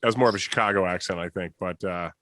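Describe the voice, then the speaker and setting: A man's voice: deep voice, fast talker, fairly bright tone. A man hosting a podcast interview, joking playfully and slipping into silly voices. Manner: jokey, playful, puts on voices. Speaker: podcast host. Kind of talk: casual interview chat.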